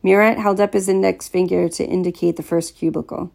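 An audiobook narrator, a woman, reads a first-person story aloud in a steady, plain, brisk manner. Her low voice is heavily gravelly, dark and mellow in tone.

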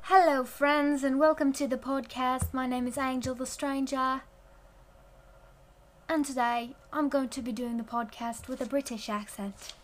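A woman's voice: high-pitched, fairly even intonation, a little slow, slight background noise. A woman hosting a podcast, putting on a playful mock British accent for her greeting. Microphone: phone.

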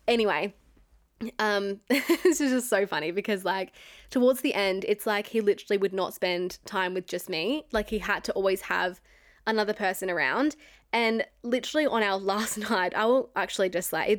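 A young woman casually telling a personal story, chatty and full of filler words, often breaking into laughter. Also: mid-range voice. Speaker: storyteller recounting a past relationship.

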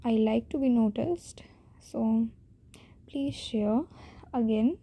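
A woman's voice: fairly high pitch, slow, mellow, husky. A teenage girl with an Indian accent hosting her own podcast, talking shyly and self-deprecatingly, rambling with many restarts. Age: teens. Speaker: podcast host. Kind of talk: casual solo podcast monologue.

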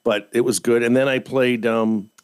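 A man chatting on a podcast. His voice sits in an ordinary middle range. He tells stories with animated energy and laughs often between phrases. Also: mid-range voice, normal speed, smooth. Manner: lively anecdotal storyteller, laughs often. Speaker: podcast co-host. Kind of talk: casual chat.

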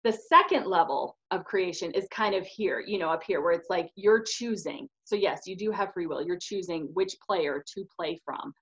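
A woman's voice: lowish voice, moderate pace, few pauses. A woman co-hosting a spiritual podcast, talking earnestly and emphatically in casual chat with many "you know"s. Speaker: podcast co-host. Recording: slightly dull lo-fi audio.

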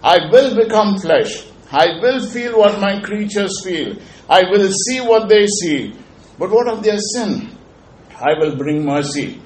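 A commanding yet loving God the Father read aloud by a man. Measured, firm declarations in a fairly high voice. Recorded in an echoey room with faint ambience. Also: animated, slight background noise. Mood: resolute.

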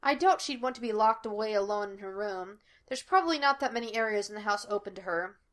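A woman's voice: medium pitch, fast talker, a bit bright, lightly acted. A woman voicing a flippant, teasing young man who poses as a psychic detective, in a storybook reading. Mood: joking. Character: cocky young male fake psychic, wisecracking.

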